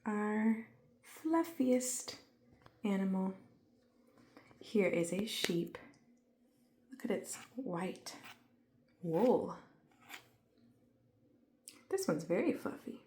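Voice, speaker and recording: A woman giving a calm, gentle lesson to small children, speaking softly and often half-whispering, and playfully imitating animal sounds. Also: mid-range voice, extremely slow, pauses often. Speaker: children's educator.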